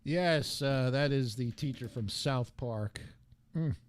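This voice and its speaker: A man's voice: medium pitch, takes it slowly. A man hosting a radio talk show, joking and bantering crudely between clips.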